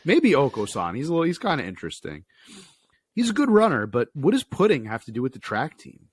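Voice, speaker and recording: A man's voice: a little high, huge pitch swings, fairly quick, slightly rough, no room sound. A man co-hosting a podcast, chatting casually and jokingly while playing a game, with hesitant restarts. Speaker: podcast co-host. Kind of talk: casual game playthrough chat.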